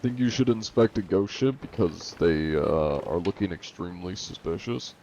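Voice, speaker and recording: A man's voice: low-pitched, normal speed, mellow, muffled recording, slight background noise. A man streaming a game, chatting casually and swearing now and then. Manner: laid-back, swears casually. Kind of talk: casual gameplay chat.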